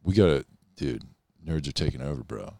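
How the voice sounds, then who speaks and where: A man's voice: rumbling low, lively intonation, a little fast, gravelly, a little mellow, dry recording. A young man in casual, laid-back chat, full of slang and swearing.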